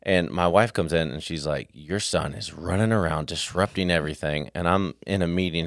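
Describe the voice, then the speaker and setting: Podcast co-host, male, low-pitched, tells stories acting out the voices, dry studio mic. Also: normal speed, no room sound. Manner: animated storyteller acting out dialogue. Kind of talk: casual chat, storytelling.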